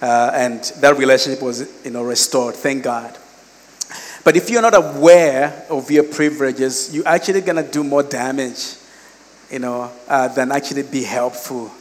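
A man's voice: medium pitch, normal speed, big-room sound. A man, preaching a sermon in a conversational, storytelling way. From Malawi. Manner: storytelling, animated quoted voices, conversational asides. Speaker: pastor.

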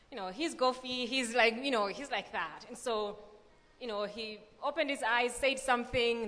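A young woman reading scripture and then telling a lively personal story with many fillers at a church gathering. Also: a little high. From Malawi. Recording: long reverb of a large hall.

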